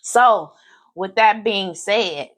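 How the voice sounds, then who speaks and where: A woman's voice: medium pitch, drawn-out words, a bit bright. A woman hosting a live podcast in casual chat, effusive and grateful, who repeats phrases for emphasis. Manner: grateful, faith-filled. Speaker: podcast host. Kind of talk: casual live-stream talk.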